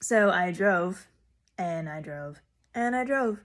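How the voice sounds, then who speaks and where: A young woman vlogger telling a rambling story casually to a phone camera. She jumps in volume and pitch when she quotes herself. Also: slow pace. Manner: animated and rambling, with sudden loud jumps when quoting herself.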